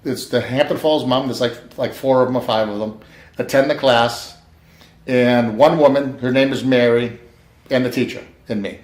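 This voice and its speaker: A man telling a personal story casually, acting out the quoted lines of the people in it with lively emphasis. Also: mid-range voice, normal speed. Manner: animated, acts out quoted dialogue. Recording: echoey room.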